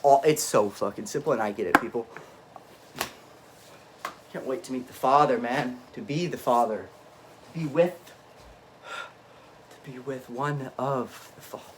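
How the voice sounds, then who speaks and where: A man in an unscripted, rambling monologue, swinging between low muttering and emphatic outbursts and often cutting himself off mid-thought. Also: a little slow, pauses often, fairly bright tone, slight background noise. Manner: frequent self-interruptions and restarts. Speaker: vlogger.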